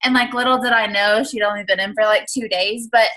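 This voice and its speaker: A woman hosting a casual chat over a video call, talking quickly with lots of "like". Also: mid-range voice, fairly even intonation, sharp tone, poor audio. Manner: chatty, many "like" fillers.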